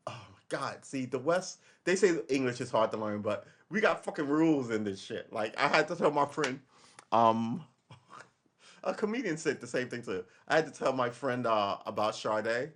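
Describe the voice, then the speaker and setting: A man's voice: mid-range voice, a bit bright. A man from Brooklyn, hosting a casual political livestream. He talks in a loose, rambling, profane way. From Brooklyn, New York. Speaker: livestream host.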